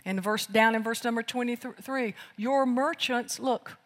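A preacher delivering an emphatic sermon, moving from loud declarations to hushed lines. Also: medium pitch, steady tone, unhurried, hardly any pauses. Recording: long hall reverb.

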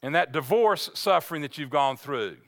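A man's voice: fairly high pitch, lively intonation, normal speed. A middle-aged man preaching a sermon as pastor, talking in a conversational way, repeating words as he goes and acting out what the lion says. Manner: conversational, repeats words, voices the lion's claims.

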